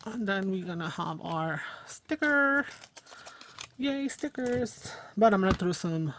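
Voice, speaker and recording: A woman hosts a casual crafting livestream. She thinks aloud as she works, fills pauses with ums and you-knows, and laughs at herself. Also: mid-range voice, lively intonation, a bit bright, slight background noise. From New York, USA. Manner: chatty, thinks aloud while working, frequent fillers; self-deprecating, laughs at herself. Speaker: craft channel host.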